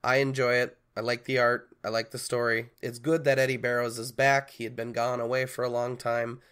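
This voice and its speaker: A man's voice: mid-range voice, little pitch movement, brisk, a bit bright, smooth. Hesitant man in podcast chat. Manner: hesitant, restarts often, hedges with "I think". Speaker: guest co-host.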